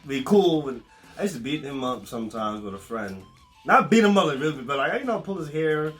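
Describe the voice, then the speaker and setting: A man's voice: on the high side, expressive, a little fast, fairly bright tone, soft background music. A man chatting loosely with his girlfriend in a couple vlog, slangy and full of swearing. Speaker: vlog co-host, boyfriend. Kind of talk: casual couple chat.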